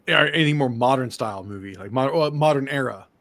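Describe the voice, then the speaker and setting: Fast-talking, excitable American podcast host. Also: male voice, mid-range voice, dry recording. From United States. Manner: fast, animated, swears a lot, excitable. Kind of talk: casual chat.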